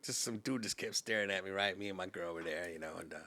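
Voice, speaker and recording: A man guesting on a podcast, telling animated stories and acting out the people in them. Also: sits low, fast, no echo. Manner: animated storyteller, acts out quoted voices. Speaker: podcast guest, house music MC. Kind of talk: casual storytelling chat.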